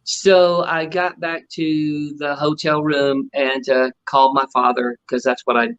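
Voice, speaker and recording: A middle-aged man, a ventriloquist appearing as a guest, tells stories in an interview and acts out the voices of the people in them with lively animation. His voice sits on the high side, with an unhurried pace and a clean tone. The recording is muffled and lo-fi.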